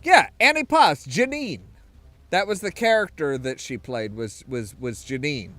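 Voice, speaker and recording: A man's voice: fairly high pitch, expressive, unhurried, bright, forceful tone, no echo. A man casually commenting while playing a game, rambling with frequent restarts. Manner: rambling, many restarts and swears. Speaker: game streamer. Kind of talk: casual let's-play commentary.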